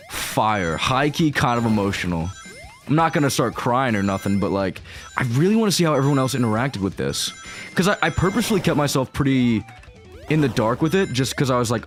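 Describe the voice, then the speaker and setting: A young man gushing through let's-play commentary, casual and excited, with slang and swearing. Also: mid-range voice, moderate pace, soft background music. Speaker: gaming streamer.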